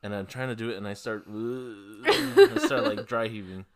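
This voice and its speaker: Deep-voiced, lively swearing storyteller man. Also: moderate pace, crowd noise. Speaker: podcast host. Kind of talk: casual chat.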